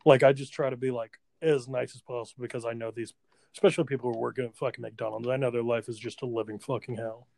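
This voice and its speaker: A man with a gravelly, creaky voice at an ordinary pitch, trading crude and profane banter as a podcast co-host. The sound is dry and close, with no room around it. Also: fairly even intonation, quick pace, a little mellow, dry recording. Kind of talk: casual chat.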